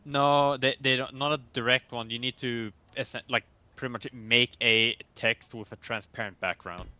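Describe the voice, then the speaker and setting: A man's voice: mid-range voice, steady tone, normal speed, sharp tone, no room sound. A man chatting casually while gaming, hesitant and full of fillers. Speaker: co-player.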